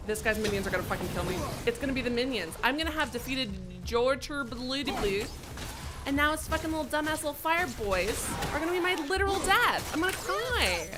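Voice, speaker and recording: A woman streamer giving live gameplay commentary, excitable and swearing freely as she reacts loudly. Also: high-pitched, brisk. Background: game music.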